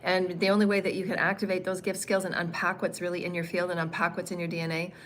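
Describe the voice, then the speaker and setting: A woman's voice: lowish voice, flat delivery, fast talker, a little hiss or hum. A woman teaching a spiritual lesson on a livestream, meandering and repeating phrases, with frequent ums and uhs.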